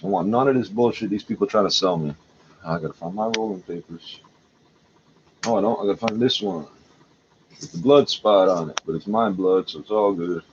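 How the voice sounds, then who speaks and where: A man at home hosting a livestream, rambling in an agitated, profane way. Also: lowish voice. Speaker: livestream host. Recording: dull lo-fi audio with faint noise.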